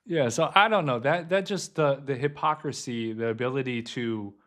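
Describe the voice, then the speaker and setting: A man with a middle-pitched voice talking casually on a podcast. He speaks bluntly and sounds indignant, often restarting his sentences. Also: moderate pace, a bit bright. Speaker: podcast co-host. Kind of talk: casual chat.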